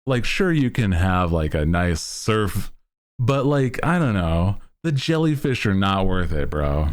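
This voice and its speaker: A man's voice: low-pitched, sing-song, unhurried. A man streaming, chatting casually to his chat in a laid-back, rambling way with lots of fillers. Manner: bursts into loud laughter.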